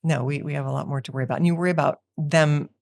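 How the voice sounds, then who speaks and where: A woman's voice: sits low, fairly even intonation, rapid-fire, vocal fry, a little mellow, dry recording, studio quality. An older woman, a business owner, chatting as a guest in an interview, talking in a loose, rambling way with many fillers and restarts. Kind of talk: casual interview conversation.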